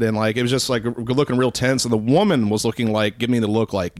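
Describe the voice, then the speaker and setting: Low, dry-miked male podcaster spinning a profane, rambling yarn. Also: fast talker, no echo. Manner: profane, rambling, mimics people in his stories. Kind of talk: casual storytelling.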